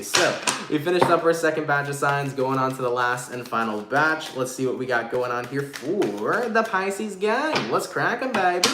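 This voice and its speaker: A man's voice: medium pitch, a bit bright. A man giving a casual live tarot reading to viewers, talking in slang and swearing freely. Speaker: tarot reader. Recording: echoey room, faint noise.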